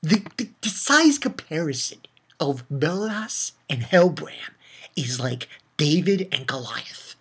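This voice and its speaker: A man giving a casual spoken review of a comic chapter, retelling it excitedly with swearing and lots of fillers. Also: on the high side, slow pace, slightly rough. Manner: excitable, loose and profane, with many fillers. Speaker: manga reviewer.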